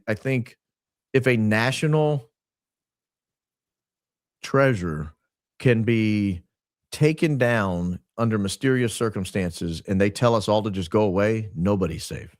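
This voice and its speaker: A man in his forties, a podcaster being interviewed, tells stories animatedly and restarts his sentences often. His voice sits on the low side. The sound is dry and close-miked. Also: no room sound. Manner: animated storyteller, frequent restarts. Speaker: podcast host, guest. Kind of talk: casual interview talk.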